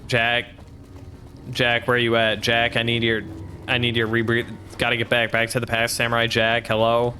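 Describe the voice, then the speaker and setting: A man's voice: medium pitch, monotone, normal speed, pushed and bright, a little hiss or hum. A man streaming a game, joking and rambling in casual commentary, cursing freely.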